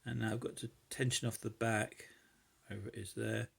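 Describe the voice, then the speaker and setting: Gravelly man thinking aloud. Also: fairly low pitch, level tone, brisk. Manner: hesitant, thinking aloud with many fillers. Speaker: lockpicking hobbyist vlogger. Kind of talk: casual demonstration while picking a lock.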